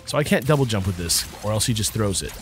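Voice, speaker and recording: A man's voice: on the low side, expressive, fast talker, soft background music. Sarcastic, cursing gamer guy. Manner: profane, exasperated and sarcastic. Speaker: let's play co-host, playing the game. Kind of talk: casual gameplay commentary.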